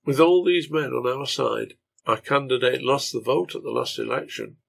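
A man voicing a gentle, sad old father who speaks quietly and pleadingly. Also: mid-range voice, normal speed, creaky, breathy edge, full character voice. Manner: soft-spoken pleading.

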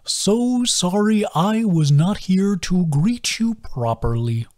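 A man voicing a slow, sing-song turtle-man mentor who drawls and croons with wide pitch swings. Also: animated, a little mellow. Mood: welcoming. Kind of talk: audiobook character voice.

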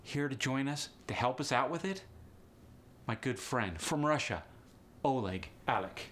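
A man's voice: medium pitch, animated, moderate pace, a bit bright, a little hiss or hum. A man hosting an instructional accent lesson in a jokey, teasing way. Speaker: accent coach and host.

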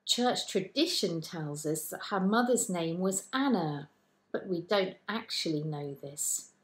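Slow, gentle woman vicar. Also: fairly low pitch, expressive. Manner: gentle, slow, storyteller's delivery. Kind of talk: children's talk and Bible storytelling.

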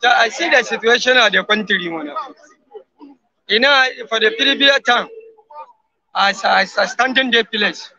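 High bright-voiced Nigerian man, emphatic. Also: measured pace, pauses often, highs cut off. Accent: Nigerian Pidgin English. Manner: emphatic pidgin English, swears wallahi often. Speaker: interviewee on the street. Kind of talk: animated street interview.

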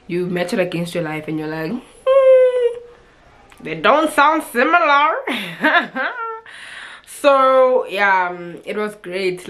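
A young woman from Africa, chatting casually and expressively to camera with frequent laughs and fillers. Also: deep voice. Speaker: vlogger.

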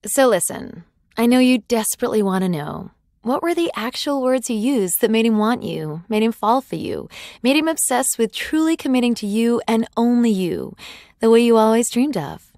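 A woman's voice: on the high side, expressive, normal speed, darkish tone, dry recording, clean studio sound. A woman telling a dramatic, confiding personal story as scripted narration for a sales ad.

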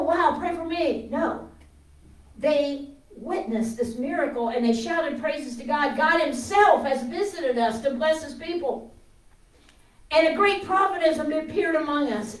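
A high-pitched woman preaches with fervent energy, rising to loud declarations and then dropping to a near hush while she tells a story. Her voice carries from a distance through an echoey room. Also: slight background noise. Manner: impassioned, swings from loud to hushed. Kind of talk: sermon.

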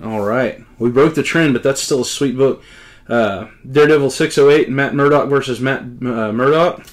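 A talkative middle-aged man, a comic collector, does a relaxed unboxing at medium pitch and normal speed. Over and over he exclaims how excited and grateful he is.

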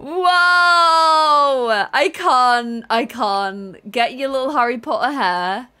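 A woman's voice: fairly high pitch, lively intonation, a little slow, fairly bright tone. A woman playing a life-sim game and commenting, theatrical, playfully menacing and giggly. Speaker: gaming YouTuber. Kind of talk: playful let's-play commentary.

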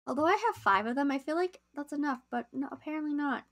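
A young woman chatting casually to viewers as she plays a game on a live stream, easily excited. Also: high-pitched, fast.

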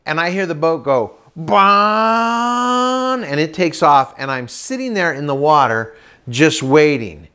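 A man doing stand-up comedy, telling a story with lively acted-out voices and sound effects. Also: fairly high pitch, normal speed. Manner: animated, acts out voices and boat sounds.

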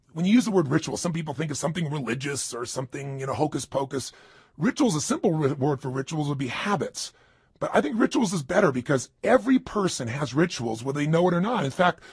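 A man's voice: fairly high pitch, husky, no echo, clean studio sound. A man giving a motivational talk. He speaks emphatically, asks rhetorical questions and acts out people's inner voices.

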